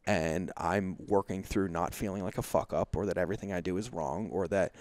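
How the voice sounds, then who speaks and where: A man's voice: sits low, fairly even intonation, brisk, darkish tone, no room sound. A man talking candidly as a podcast guest, emphatic and confessional, full of "like" fillers and acted-out quotes. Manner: frequent "like" fillers. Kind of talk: candid conversational storytelling.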